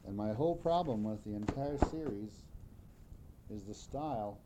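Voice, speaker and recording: A man slowly and carefully explaining word forms, repeating each example word. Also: on the low side, expressive, heavy background noise. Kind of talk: slow explanatory talk.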